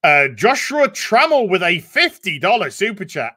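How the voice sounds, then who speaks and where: Male live-stream co-host reading super chats: bright, forward tone, loose and profane. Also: sits high, normal speed. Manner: profane, laughing, animated. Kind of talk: casual live-stream chat.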